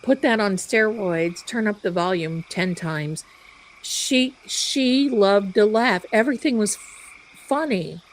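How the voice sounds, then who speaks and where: A woman hosting a live stream, telling a story in an animated, chatty way. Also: mid-range voice, takes it slowly, a little hiss or hum, rough recording. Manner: animated, chatty, loud bursts of laughter. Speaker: psychic live-stream host.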